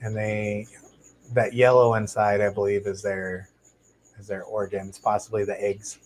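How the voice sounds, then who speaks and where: A man hosting a casual live stream about his shrimp tanks, talking into a lapel mic in a home fish room in a relaxed, chatty way with plenty of fillers and restarts. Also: lowish voice, a little slow, poor audio. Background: faint hum of aquarium tanks.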